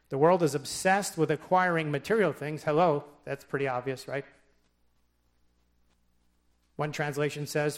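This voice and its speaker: Man, pastor, sermon, joking asides, emphatic scripture reading, higher-pitched voice. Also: moderate pace. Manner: conversational and wry, with joking asides; reads scripture aloud with emphasis.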